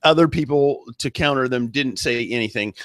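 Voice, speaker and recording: A man's voice: medium pitch, moderate pace, fairly bright tone, dry recording, studio quality. A man co-hosting a political commentary show, emphatic and full of stammered restarts. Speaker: co-host.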